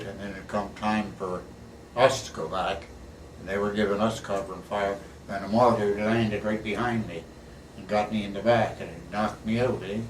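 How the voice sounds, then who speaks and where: An older man, a war veteran, telling his stories in a plain, folksy way, often ending sentences with "eh". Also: fairly low pitch. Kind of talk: casual storytelling interview. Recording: echoey room, recorded from a distance, faint background hiss.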